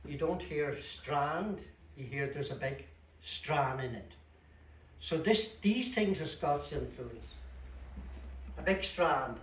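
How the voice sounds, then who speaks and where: A man with a Donegal Irish accent giving a chatty talk on local place names at a community event. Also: a little high. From Donegal, Ireland. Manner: chatty, explanatory, with dry asides. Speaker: guest speaker at a local history talk. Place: community hall at a book launch. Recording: echoey hall, distant mic, faint room noise.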